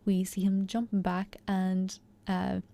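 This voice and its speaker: Speaking slowly with a completely flat delivery, a young woman at medium pitch uses a dark tone and vocal fry. She gives an enthusiastic, talkative rundown and analysis of a TV episode, casual in style and full of "you know" and "like."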